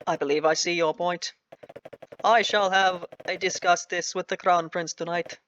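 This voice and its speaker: A player reading a visual novel aloud, voicing a solemn visitor who serves a crown prince, with slow, ceremonious delivery. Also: medium pitch, steady tone, a bit bright, dull audio, slight background noise, natural voice. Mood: polite.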